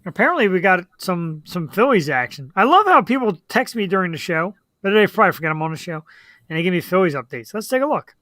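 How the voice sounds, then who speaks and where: A talkative woman hosts a live web show in loose banter. Her pitch swings up and down freely as she rambles and laughs along. The sound is dry and close. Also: sing-song, fast talker, fairly bright tone, no room sound. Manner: chatty, laughs easily, rambling. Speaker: show host.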